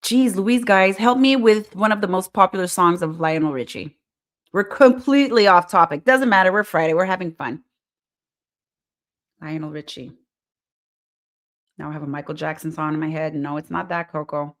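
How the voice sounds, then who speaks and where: Woman host, casual live-stream chatter, excitable, talks straight to viewers. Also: on the low side, normal speed, long pauses. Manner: chatty and excitable, reads viewer comments aloud. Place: Montreal.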